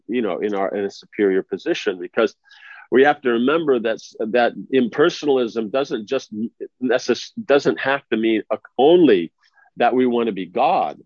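A man's voice: mid-range voice, darkish tone, no echo. A man giving an informal spiritual discourse in a conversational way, often checking that his listeners follow him. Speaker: spiritual teacher. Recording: dry, slightly dull lo-fi recording.

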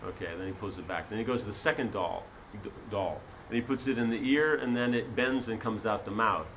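A man's voice: on the low side, a little fast, background noise. Rambling male spiritual teacher. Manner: rambling, many fillers like "you know". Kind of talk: sermon with a told story.

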